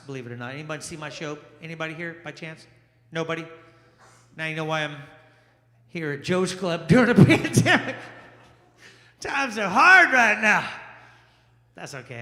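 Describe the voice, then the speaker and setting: A man doing stand-up comedy for a small live crowd, his high, bright voice swinging widely in pitch. He banters and asks the audience questions as he goes. The sound carries a roomy echo with a long reverb tail from the lounge. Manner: animated, crowd-work banter with quick asides. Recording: echoey room with long reverb.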